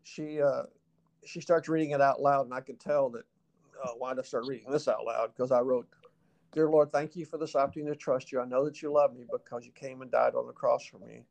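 Through a muffled recording, a middle-aged Southern man with a mid-range voice and vocal fry speaks fairly quickly. Appearing as an interview guest, he relates a personal story in a folksy, animated manner and acts out the dialogue.

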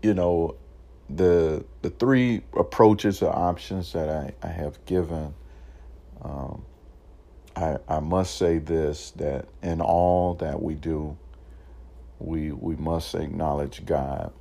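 A man with a very low, dark, mellow voice talks in an unhurried, reflective way. He rambles, circling back with fillers and restarts as he encourages the listener. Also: steady tone, creaky. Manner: encouraging, motivational. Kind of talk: casual reflective monologue.

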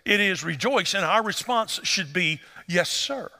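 A man preaching a sermon as pastor, conversational and storytelling, rising to animated emphasis. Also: sits high, moderate pace, big-room sound.

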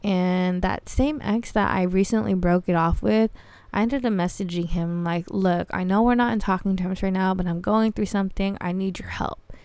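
A woman's voice: mid-range voice, fairly even intonation, moderate pace, a little mellow, clear, resonant tone, no room sound. A young woman telling a blunt, profane, slang-heavy story as a podcast host. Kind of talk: casual storytelling monologue.

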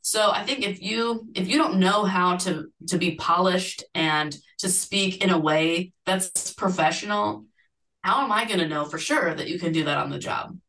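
A woman recruiter answering interview questions casually, acting out what candidates say in lively quoted voices. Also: on the low side, moderate pace, distant mic, rough recording. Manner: animated, acts out candidate quotes. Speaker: recruiter at an agency.

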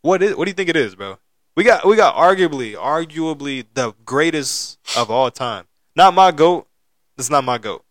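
A man's voice: a little high, animated, normal speed, a bit bright, no room sound, studio quality. A man in his late twenties co-hosting a podcast, telling stories in loose, profane casual chat with frequent laughter. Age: 20s. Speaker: podcast co-host.

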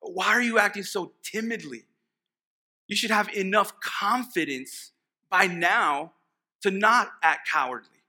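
A man's voice: sits high, unhurried, bright, forceful tone, voice pushed up, heavily acted. A man voicing an exasperated teacher who scolds his timid followers with pressing, repeated questions in a sermon.

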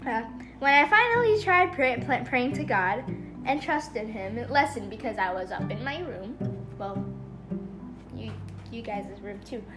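A woman's voice: on the high side, expressive, unhurried, over music. A woman in a casual family devotional talk, rambling and acting out the voices she quotes. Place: home.

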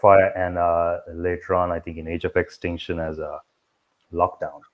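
A man's voice: deep voice, level tone, normal speed, phone-quality sound. A male interviewer with a Sri Lankan English accent, asking questions eagerly with frequent fillers. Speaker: interviewer, host.

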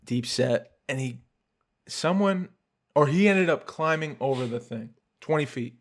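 A man hosting a podcast, telling a story in a casual, animated way with swearing and laughs. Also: mid-range voice, unhurried. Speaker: podcast host. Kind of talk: casual chat.

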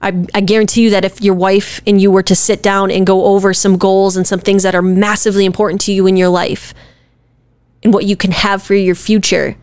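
A woman's voice: mid-range voice, little pitch movement, a little fast, darkish tone, clear, resonant tone, no room sound. A woman co-hosting a podcast with her husband, talking earnestly and emphatically in a conversational way. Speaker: podcast co-host, wife. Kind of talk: casual podcast chat.

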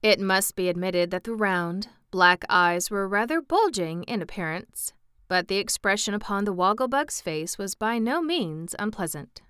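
A woman narrating a classic storybook in an even, measured reading. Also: mid-range voice, smooth, no room sound, clean studio sound.

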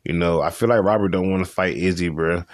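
A young man with a very low voice hosts a casual solo podcast. He talks loosely and slangily and circles back over his own points. The sound is dry and close to the mic, with no room echo. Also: brisk. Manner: loose, slangy, repeats himself. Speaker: podcast host. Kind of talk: casual solo podcast chat about fights.

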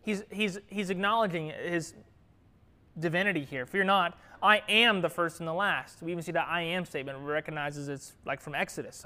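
A young man with a fairly high voice leads a group Bible study in a classroom at normal speed. The teaching is casual, conversational and lively, with occasional drops to a whisper.

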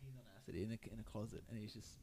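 A man's voice: on the low side, very fast, gravelly, dark tone. A man hosting a podcast, rambling casually with constant filler words. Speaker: podcast host. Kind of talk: casual chat.

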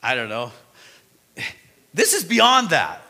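Bright-voiced man preaching with emphasis. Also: fairly high pitch, slow, gravelly, in a large hall. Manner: animated, emphatic preaching with sudden rises and drops. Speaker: pastor. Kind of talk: sermon.

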